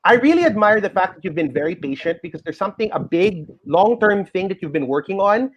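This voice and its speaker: A middle-aged man with a Filipino accent explaining a tarot reading on the radio in an animated, reassuring way. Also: sits high, fast. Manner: animated, reassuring, mixes in Tagalog phrases. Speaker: tarot reader guest. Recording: dull lo-fi radio sound.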